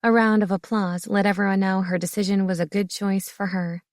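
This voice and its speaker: A woman reading an audiobook narration in a steady, expressive way. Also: mid-range voice, fairly quick, no room sound, studio quality. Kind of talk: scripted narration.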